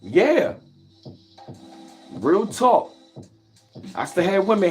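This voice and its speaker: A man's voice: high-pitched, measured pace, husky, soft background music. A man talking boastfully in a casual vlog monologue. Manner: boastful, animated street talk with repeated slang. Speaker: vlogger.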